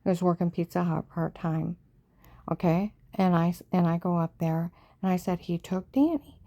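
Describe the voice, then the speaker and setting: A middle-aged woman recounts her own past in a casual, emotional storytelling voice. Her tone is low, gravelly and dark. She often sinks to a hushed near-whisper and checks in with her listener with "okay?". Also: little pitch movement, moderate pace.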